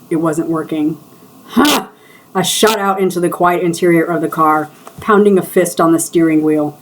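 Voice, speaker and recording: A woman with a lowish voice reads aloud from her own novel. She voices each character's dialogue in a different way. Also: poor audio. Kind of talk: live book reading.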